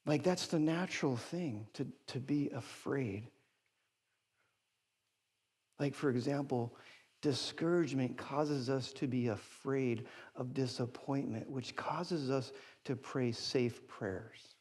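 A middle-aged male pastor preaching a sermon, telling a story with big jumps up in pitch when excited and dropping quiet for serious points. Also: unhurried, husky. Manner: animated storytelling, voice leaping high when excited.

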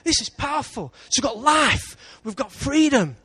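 A man with an English accent preaching a sermon in church, lively, with big swings between loud and quiet. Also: extremely high pitch, moderate pace, husky. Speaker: pastor.

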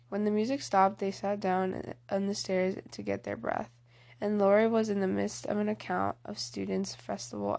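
A woman reading a classic novel aloud as an audiobook, with a gentle, unhurried manner. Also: medium pitch, gravelly. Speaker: audiobook reader.

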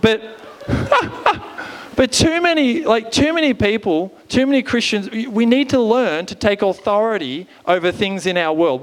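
A man in his thirties preaches with a fairly high voice. His tone stays smooth and clear, and he drives his sermon with bursts of energy and repeated rallying calls. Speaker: pastor. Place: church stage.

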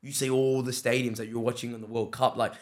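A young-sounding Australian man rattles through his stories at a quick clip, his pitch sitting in an ordinary middle range. He's a guest on a casual podcast, animated and slangy, slipping into the voices of the people in his stories. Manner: animated, acts out quoted dialogue, says "bro" often. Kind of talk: casual storytelling chat.

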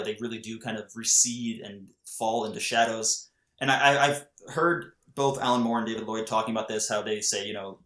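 A man hosting a relaxed book chat, talking easily and moving the group from topic to topic. His voice sits at an ordinary middle pitch. The recording carries a noticeable roomy echo. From Canada. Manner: chatty, leads the talk. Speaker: podcast host. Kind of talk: casual book discussion.

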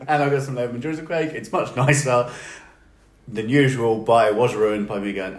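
A man's voice: medium pitch, normal speed, slight background noise. A man co-hosting a podcast, swearing and laughing as he tells stories in casual banter. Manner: sweary, laughing, animated storytelling. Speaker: podcast co-host. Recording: echoey room.

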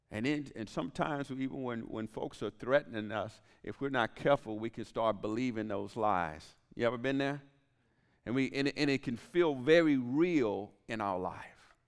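A man's voice: mid-range voice, gravelly, smooth. A man preaching a sermon as pastor, telling a personal story and dropping to whispered asides. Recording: long hall reverb.

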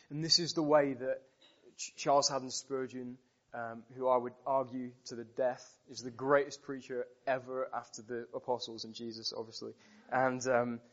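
A British man preaching a sermon, telling stories with animated, emphatic repetition. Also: medium pitch. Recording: dull muffled recording.

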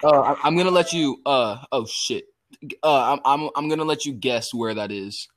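A man's voice: mid-range voice, moderate pace, a little hiss or hum. A man on a casual podcast, swearing freely and cracking crude jokes, talking over a voice call. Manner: profane, laughs a lot, blurts crude jokes. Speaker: podcast co-host. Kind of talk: casual chat.

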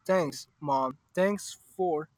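High-voiced joking young man. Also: drawn-out words, no echo. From Mexico. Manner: joking, laughing, loud bursts. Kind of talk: casual chat over a party card game. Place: outdoors in a public spot.

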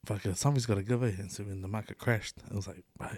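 Man, New Zealand accent, fairly low voice, dry close sound, casual swearing chatter. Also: steady tone, rapid-fire, a little mellow, no room sound. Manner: loose, swears a lot, laughs often, fillers like "eh" and "bro". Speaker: podcast co-host. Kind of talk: casual chat.

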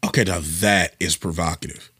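Animated man thinking aloud. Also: sits low, moderate pace, slightly rough, dry recording, studio quality. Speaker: podcast co-host. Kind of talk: casual discussion.

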